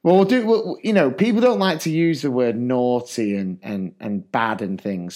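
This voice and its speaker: A man's voice: mid-range voice, expressive, moderate pace, few pauses, darkish tone. A man, a teacher co-hosting a podcast, telling rambling classroom stories full of asides. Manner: rambling, chatty, lots of fillers and asides. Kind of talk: casual storytelling chat.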